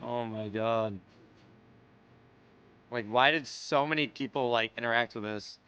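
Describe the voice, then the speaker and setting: A man's voice: medium pitch, unhurried, bright, forceful tone, clean tone, lo-fi sound. A young American man streaming, chatting casually and reacting with loose slang, frequent swearing and laughs. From United States.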